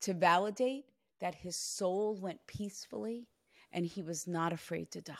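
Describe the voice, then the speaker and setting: A woman working as a psychic medium, earnestly relaying messages during a reading and often dropping into soft, hushed passages. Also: on the low side, moderate pace, creaky, dry recording. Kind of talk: spirit reading session.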